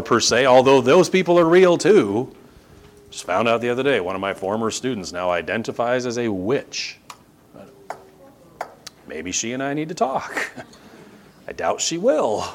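A middle-aged man preaches a sermon, his pitch rising and falling a great deal as he presses each point. He piles up emphatic repetitions and throws in sarcastic asides. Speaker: pastor.

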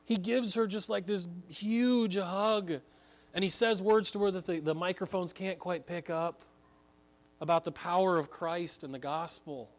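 A man's voice: high voice, fairly even intonation, a little slow. A man preaching a sermon, telling a story earnestly and building to emphatic points. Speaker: pastor.

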